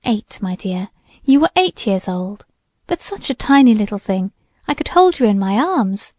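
Brief: woman reading as a sober teenage girl, soft, gentle dignity, close dry sound. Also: mid-range voice, sing-song, moderate pace, no room sound. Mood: tender. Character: sedate seventeen-year-old girl, gentle and serious. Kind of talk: audiobook character voice.

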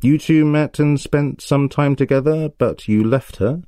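A man voicing a calm, shrewd detective who speaks in a measured, courteous way in a storybook reading. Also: mid-range voice, dry recording, clean studio sound, pitched above the performer's own voice, close to an everyday voice.

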